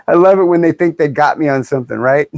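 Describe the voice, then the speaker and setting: A woman's voice: sits low, dry recording. A woman in her fifties chatting bluntly and jokingly on a livestream, reading viewer comments aloud and laughing often. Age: 50s. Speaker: livestream host. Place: in California.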